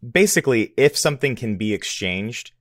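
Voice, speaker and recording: A man co-hosting a coaching podcast, upbeat and playful, talking in quick bursts. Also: medium pitch, very animated, no room sound, clean studio sound. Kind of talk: casual podcast chat.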